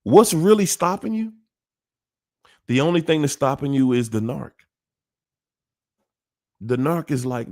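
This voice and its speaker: A man's voice: mid-range voice, unhurried, long pauses, darkish tone. A man hosting a livestream, talking to viewers in a repetitive, emphatic, preachy way. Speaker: livestream host. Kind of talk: casual livestream talk.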